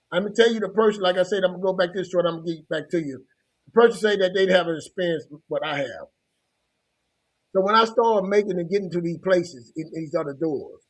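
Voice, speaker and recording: A husky, slightly high male voice belongs to a motivational coach from Louisiana in middle age. He recounts his own life casually, circling back and restarting his sentences.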